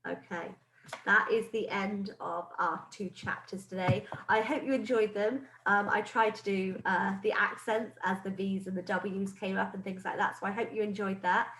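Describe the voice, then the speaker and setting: A woman teacher reading a storybook aloud to her pupils in a lively, expressive way. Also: mid-range voice, moderate pace, echoey room, slight background noise, low-quality recording.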